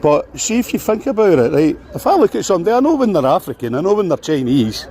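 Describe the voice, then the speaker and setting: A man's voice: a little high, sing-song, quick pace. A man with a Scottish accent doing a confrontational street interview, needling and repeating himself. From Scotland. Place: outdoor street protest. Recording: outdoor street with crowd noise. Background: crowd noise.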